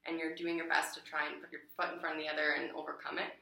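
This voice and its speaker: Gravelly encouraging woman counselor. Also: deep voice, flat delivery, very fast, pushed and bright. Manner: encouraging, asks probing questions. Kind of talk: counseling session. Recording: echoey room, mic far off.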